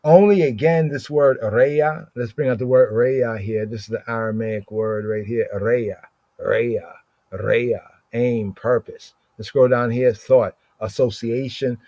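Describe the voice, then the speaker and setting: A man teaches scripture at an unhurried, drawn-out pace, turning single words over and over and tagging "right?" onto almost every phrase. The sound is dull and lo-fi, close and dry with no room around it. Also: mid-range voice, fairly even intonation, dark tone, no echo. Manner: repeats words over and over, asks "right?" constantly. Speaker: Bible study teacher. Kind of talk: livestreamed scripture study. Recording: dull lo-fi stream audio.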